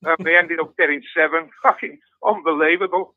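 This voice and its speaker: An older man chats casually and tells his stories in a high voice, with swearing and frequent laughter all through. The sound is thin and dry, like a phone line. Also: steady tone, a little fast, no room sound. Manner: swears constantly, storytelling with laughs. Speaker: guest fan. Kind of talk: casual chat.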